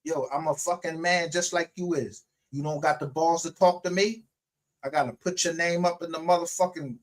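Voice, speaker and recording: A man's voice: on the high side, steady tone, moderate pace. A man hosting his own livestream show, ranting in a heated, profane and confrontational way. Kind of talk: unscripted livestream rant.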